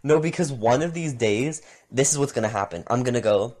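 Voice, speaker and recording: A young man co-hosting a podcast in casual chat, animated, laughing often and jumping into high voices when he quotes people. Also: fast talker, hardly any pauses. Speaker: podcast co-host.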